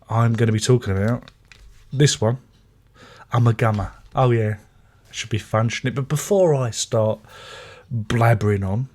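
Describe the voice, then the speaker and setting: In a casual chat, this album reviewer goes through his record collection, wandering off topic with dry, self-deprecating humor. His voice is medium-pitched and a little mellow.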